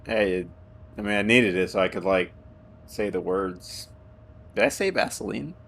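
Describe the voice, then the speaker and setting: A man's voice: on the low side, unhurried, creaky, a bit bright. A man streaming a game live, chatting playfully and laughing as he stumbles over tongue twisters. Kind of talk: live gameplay commentary.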